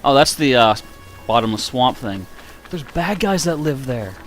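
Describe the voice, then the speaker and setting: Lively, chatty man streaming a game. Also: medium pitch, moderate pace, faint music behind. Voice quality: slightly nasal. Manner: chatty, talks to viewers, self-mocking. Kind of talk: casual live-stream commentary. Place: warm room indoors.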